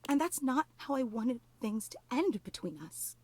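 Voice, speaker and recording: A woman's voice: on the high side, sing-song, normal speed, a little mellow. A woman voicing a clingy, emotional obsessive female superfan in a video game, gushing and tearful, apologizing over and over.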